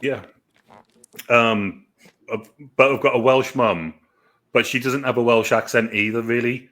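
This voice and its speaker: A man's voice: medium pitch, unhurried, fairly bright tone. A man with an English accent, chatting casually and rambling as co-host of a film review show. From England. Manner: chatty and rambling, with lots of fillers. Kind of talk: casual chat.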